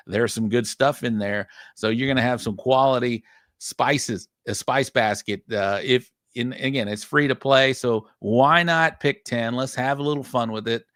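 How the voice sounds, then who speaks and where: A man hosting a livestream show, chatting casually and reading out viewer shout-outs. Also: medium pitch, no echo. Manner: reads out viewer names in quick shout-outs.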